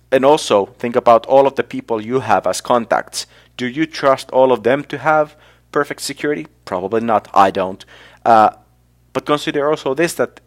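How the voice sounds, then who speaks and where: A man giving a solo talk to camera, thinking aloud with fillers and restarts as he reflects. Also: medium pitch. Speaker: blogger.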